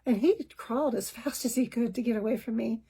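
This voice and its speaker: A woman with a somewhat high, husky voice tells a personal story from her own family life. She speaks candidly and reflectively, examining her own reactions, and clears her throat now and then. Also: brisk, mellow, low-quality recording. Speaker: podcast host.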